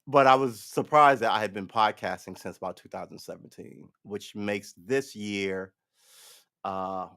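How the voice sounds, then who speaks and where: This podcast host has a fairly low, steady voice that's a bit bright, and he speaks at a measured pace. In a casual solo livestream, he comments off the cuff in a blunt, rambling manner, with frequent restarts and some swearing.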